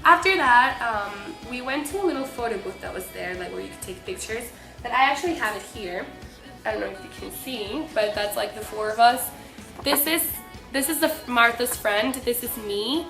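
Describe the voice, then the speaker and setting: Young female vlogger, gushing storyteller, higher bright tone in a roomy space. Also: animated, moderate pace, creaky. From Mexico. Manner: bubbly, breathless, lots of "like". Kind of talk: excited storytelling to camera. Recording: echoey room with faint music.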